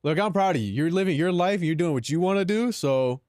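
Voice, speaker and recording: A man's voice: a little high, lively intonation, fast talker, a little mellow, no echo, studio quality. A man live streaming in casual chat, talking in slang, calling his viewers "bro" and laughing between lines.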